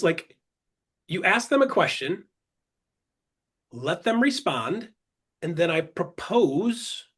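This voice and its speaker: A man with a husky, slightly raised voice coaches a webinar audience in a loose, conversational way. He jokes and tosses "right?" at his listeners as he goes. He acts out quick buyer-and-seller exchanges to make his points. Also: fairly high pitch, a bit bright. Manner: jokey and upbeat, peppers points with "right?" and "guys". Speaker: webinar presenter and business coach. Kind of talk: casual coaching talk to an online audience.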